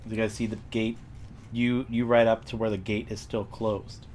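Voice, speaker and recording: A man narrating a tabletop role-playing game as game master, describing scenes in a relaxed way with fillers. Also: lowish voice, normal speed, a little hiss or hum.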